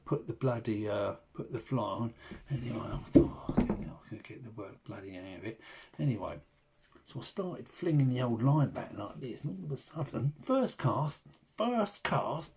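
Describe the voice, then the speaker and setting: Husky-voiced man telling a story. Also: medium pitch, expressive, moderate pace, darkish tone. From England. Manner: swears freely, rambling anecdotal delivery with restarts. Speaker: fishing channel host. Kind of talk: casual storytelling to camera.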